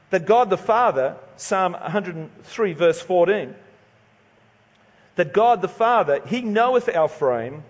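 Australian man preaching in a reverberant hall. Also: sits high. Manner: casual, joking, conversational preaching with stumbles. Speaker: pastor. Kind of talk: sermon.

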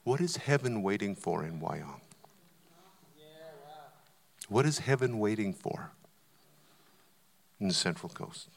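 A man's voice: lowish voice, very animated, slow, vocal fry, pauses often. Man preaching in a reverberant church hall. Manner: storytelling, rising to loud emphatic preaching. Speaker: visiting preacher. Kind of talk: sermon. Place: church auditorium.

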